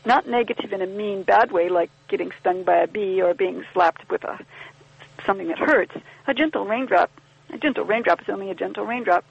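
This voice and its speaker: Speaking fairly quickly, this podcast guest has a medium-pitched voice that's gravelly and slightly rough. Her explanations come across as thoughtful and wry, conversational in tone, with small quoted exchanges acted out; the audio is dull and lo-fi.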